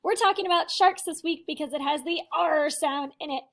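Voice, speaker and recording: A woman, a first-grade teacher, reading a picture book aloud to young children in an expressive, sing-song way. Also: high voice, brisk.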